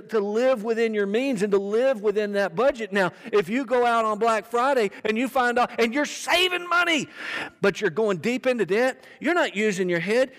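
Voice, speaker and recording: Man, pastor, sermon, high voice, conversational, repeats phrases for emphasis, long hall reverb. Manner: conversational, emphatic repetition, calls for audience response. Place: church auditorium with congregation.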